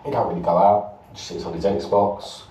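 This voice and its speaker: A man's voice: deep voice, fairly even intonation, moderate pace, warm tone. A British man co-hosting a casual podcast chat, swearing freely and acting out quoted voices as he tells stories. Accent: British English. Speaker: podcast co-host. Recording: roomy, distant, dull and lo-fi.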